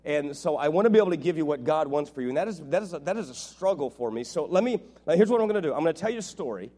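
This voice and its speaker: A middle-aged man preaching as a visiting pastor, telling jokes and family stories in an animated way. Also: fairly high pitch, rapid-fire, husky. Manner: joking, animated storytelling. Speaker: guest preacher. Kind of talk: sermon.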